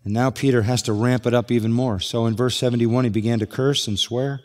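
A man's voice: mid-range voice, fairly even intonation, brisk. A man preaching a sermon, walking through a passage verse by verse with rhetorical questions. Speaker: pastor. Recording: long hall reverb.

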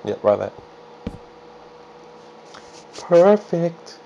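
A male gamer talks over his own play session, unhurried, mocking himself and chatting along as he goes. His voice is very animated, swinging from low mutters up into excited high yelps. Faint noise sits behind him. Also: vocal fry, dull audio. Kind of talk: casual gameplay commentary.

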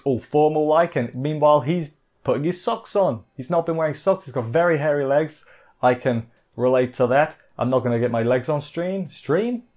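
A man's voice: mid-range voice, a little mellow, dull audio. A man giving a rambling, casual anime episode recap on a live stream, full of jokey asides. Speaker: anime reviewer.

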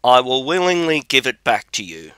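A man's voice: mid-range voice, big pitch swings, normal speed, bright, forceful tone, clear, resonant tone, dry recording. A man reading as a bold young drummer. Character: brave, boastful young male drummer.

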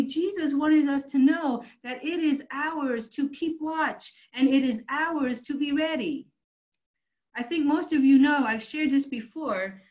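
A woman's voice: sits high, rough recording. A woman pastor preaching a sermon, emphatic and calling out to her congregation. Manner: emphatic preaching, calls out to the church.

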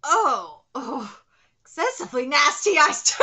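A woman's voice: very high-pitched, lively intonation, a little slow, sharp tone. A woman streamer gushing and exclaiming as she reacts live to a manga chapter.

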